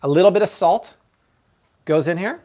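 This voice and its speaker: A man's voice: high voice, moderate pace, mellow. A man hosting a live cooking show from his kitchen, chatty and playful as he talks through each step and jokes with viewers. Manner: chatty and playful, joking with the chat. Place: home kitchen.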